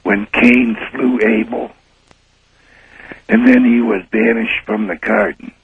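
Very raspy man on a tinny phone line. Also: lowish voice. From Ohio. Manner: hesitant, searching for words. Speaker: caller. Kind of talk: calling in to talk radio. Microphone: telephone.

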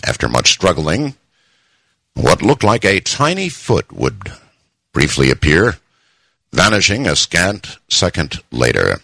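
A man hosting a show, reading a funny story in a playful, animated way. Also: low-pitched, slow pace, gravelly, breathy edge, dry recording. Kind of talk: humorous story reading and news chat.

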